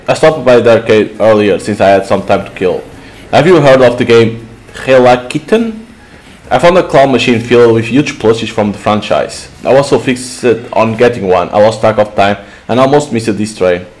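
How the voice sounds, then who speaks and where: Chill slangy young dude, read by a guy, lowish voice. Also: darkish tone, lightly acted, rough recording. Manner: slangy, easygoing. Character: laid-back young man, broke arcade fan.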